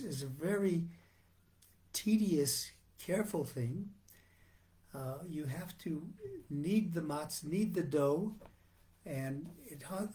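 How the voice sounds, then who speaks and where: A male rabbi giving a sermon on the weekly Torah portion in a measured, earnest teaching manner with frequent restarts. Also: on the high side, a little mellow.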